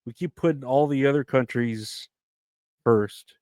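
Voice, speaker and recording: A man's voice: mid-range voice, unhurried, a little mellow, no room sound. A tired man rambles through a casual solo podcast, swearing freely and joking at his own expense. His voice sits in a middle register, recorded close and dry with no room sound. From United States. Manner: rambling, profane, self-mocking. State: tired, yawning. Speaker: podcast host.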